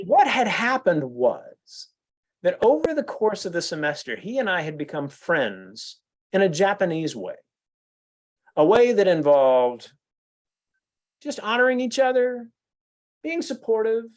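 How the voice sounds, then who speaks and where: A man, giving a speech at a club meeting and telling stories with lots of restarts and fillers. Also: high-pitched. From United States. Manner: animated storyteller, frequent restarts and "you know". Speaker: guest speaker at a club meeting. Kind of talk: anecdotal speech.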